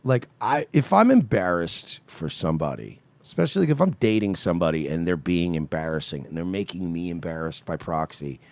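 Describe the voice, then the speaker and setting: A man's voice: low-pitched, expressive, brisk, few pauses, no echo. A man co-hosting a comedy podcast, incredulous and rambling in casual commentary. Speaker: podcast co-host.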